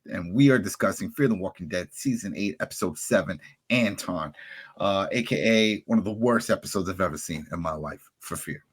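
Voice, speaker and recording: A man hosting a podcast, ranting angrily and animatedly with sudden jumps in pitch. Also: brisk, slightly rough. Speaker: podcast host. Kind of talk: heated podcast rant.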